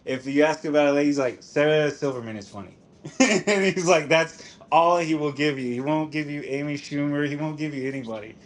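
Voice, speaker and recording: A man's voice: fairly high pitch, a little fast. A man chatting casually on a stream, telling a long story in a rambling, profane way, saying "dude" a lot and laughing as he talks. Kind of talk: casual chat.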